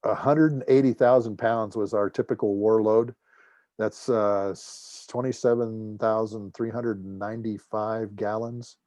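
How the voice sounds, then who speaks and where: A middle-aged man with a low voice speaks as a guest lecturer, spinning anecdotes and acting out the voices of the people he quotes. His voice sounds close and dry, with almost no room around it. He keeps a joking, storytelling manner throughout. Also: measured pace, dry recording. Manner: lively storyteller, acts out dialogue, jokes. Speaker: guest speaker, former air force officer.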